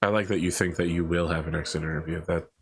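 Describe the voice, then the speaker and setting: A man hosting a game stream, telling profane stories with lively banter. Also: sits low, fast talker, creaky, husky. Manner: animated, profane storytelling, laughing often. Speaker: host.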